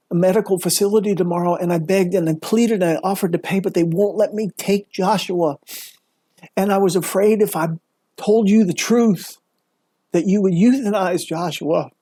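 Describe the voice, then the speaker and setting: Male storyteller as a dying old man in his eighties, halting and earnest, dark husky tone. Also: high-pitched, no echo.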